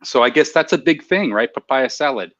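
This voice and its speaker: A man's voice: medium pitch, lively intonation, brisk, a bit bright, highs cut off. A man hosting a live online show, chatting casually, laughing at himself and reading out viewer comments. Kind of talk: casual live-stream chat.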